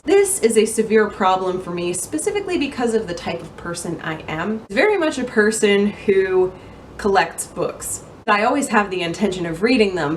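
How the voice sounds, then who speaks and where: A young woman talking casually into a camera mic in a room lined with bookshelves, chatty and self-mocking. Her voice sits at an ordinary middle pitch, and she laughs often between lines. Faint room ambience hangs behind her. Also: slight background noise. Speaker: book vlogger.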